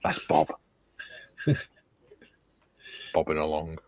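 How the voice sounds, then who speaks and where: A man's voice: a bass voice, monotone, extremely slow. A man hosting a casual live stream, reading out chat messages with laughs and the odd swear word.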